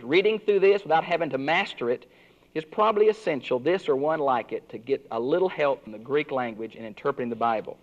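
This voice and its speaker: An older man giving an earnest Bible lesson, stressing his points. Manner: earnest teaching, swinging pitch for emphasis. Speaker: Bible teacher. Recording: dull lo-fi recording.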